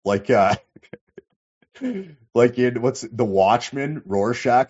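A man's voice: medium pitch, lively intonation, very slow, long pauses, a little mellow, breathy edge, highs cut off. A man hosting a casual livestream, reading chat and rambling with lots of swearing and fillers. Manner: rambling, profane, many fillers.

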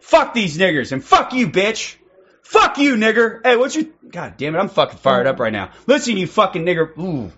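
A young man streaming in online game voice chat, taunting other players in a loud, abrasive way that often breaks into shouting. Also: high voice, big pitch swings, normal speed, breathy edge, dull audio. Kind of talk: aggressive trolling over game voice chat.

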